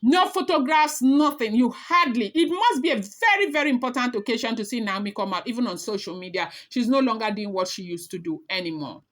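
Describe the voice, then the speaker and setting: A woman's voice: fairly high pitch, animated, fairly quick, few pauses, a bit bright. A woman talking casually as a celebrity gossip blogger, chatty and emphatic, speaking straight to her viewers.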